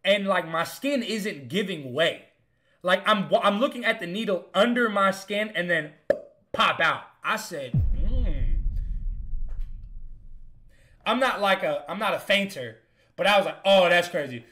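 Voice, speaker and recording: A young man spins a comic story from his own life in a loose, animated way. His voice sits high and sounds bright and forceful, and he swears freely and punches each line. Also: normal speed. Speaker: comedian host. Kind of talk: casual comedic storytelling.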